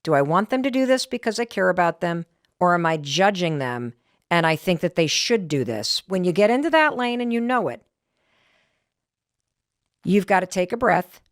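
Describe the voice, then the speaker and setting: A middle-aged woman podcast host telling a story in a casual, animated, self-deprecating way. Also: fairly low pitch, moderate pace, no room sound, studio quality. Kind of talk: casual talk to listeners.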